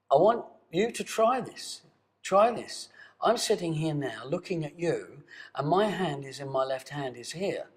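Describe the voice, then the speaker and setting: An older man, a voice coach, leads a guided exercise with a lively, swooping delivery and a fairly high voice. He coaxes and invites, one moment dropping to a hush and the next holding out a full, ringing tone. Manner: coaxing, animated, swings between soft hushed asides and bold sustained tones. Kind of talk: guided voice exercise spoken to camera. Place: seated indoors.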